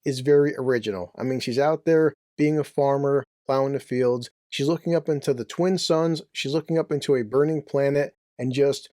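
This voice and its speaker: A man's voice: medium pitch, fairly even intonation, normal speed, hardly any pauses, warm tone, no echo, studio quality. Brash joking man reviewing a movie. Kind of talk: casual comedic review.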